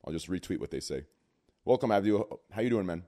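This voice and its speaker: A man's voice: low-pitched, lively intonation, fast talker, mellow. A man hosting a podcast, chatting casually with crude jokes as he introduces his guests. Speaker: podcast host.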